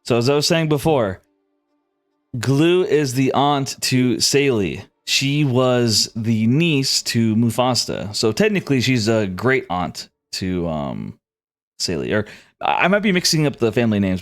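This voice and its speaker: Man running a tabletop game, casual, rambling, lively pitch, music underneath. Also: moderate pace. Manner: casual, rambling, lots of filler "like". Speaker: game master.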